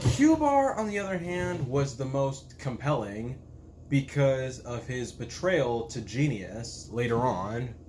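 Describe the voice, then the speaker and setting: A man hosting his own show review in a casual spoken style, talking in a halting way with frequent restarts and self-corrections. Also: medium pitch, a little hiss or hum. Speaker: YouTube reviewer.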